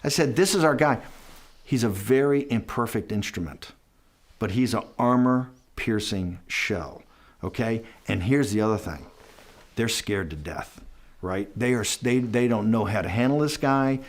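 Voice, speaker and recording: Speaking a little slowly in a lowish voice, an interviewee tells stories with emphasis, wandering as he goes. He frequently caps points with "right?" or "okay?" and stays animated, imitating others in quoted asides during this conversational interview.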